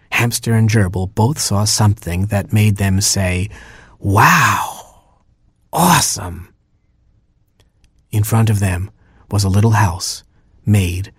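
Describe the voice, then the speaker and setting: A man narrating a children's storybook in a playful, expressive way. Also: fairly low pitch, breathy edge, no room sound, studio quality. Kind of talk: storybook reading.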